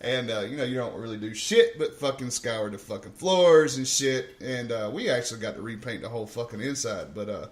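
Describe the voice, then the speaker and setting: A man's voice: mid-range voice, lively intonation, fairly quick, hardly any pauses. A man, a podcast co-host and army veteran, telling rowdy stories in casual chat, swearing and laughing as he talks. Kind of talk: casual storytelling.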